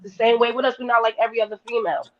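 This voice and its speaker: A woman's voice: fairly high pitch, flat delivery, racing. A woman on a podcast panel, talking bluntly and emphatically in casual discussion. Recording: dull lo-fi podcast audio.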